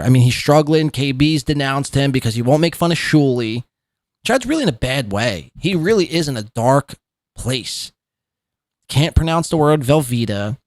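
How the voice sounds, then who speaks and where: In his thirties, this podcast host delivers sarcastic, derisive commentary on clips, mocking them and repeating words for laughs. His voice is medium-pitched, recorded in a clean studio with no room sound.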